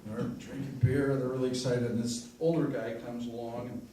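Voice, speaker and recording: A man's voice: medium pitch, level tone, moderate pace, warm tone. A man, a guest comedian, telling a story joke to a live audience and acting out the characters' voices. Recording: echoey live room from far off with faint noise.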